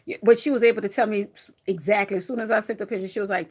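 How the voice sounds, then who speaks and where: A woman crafter chatting casually to her viewers, telling stories in a lively, animated way with frequent laughs and asides. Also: medium pitch, quick pace. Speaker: craft vlogger.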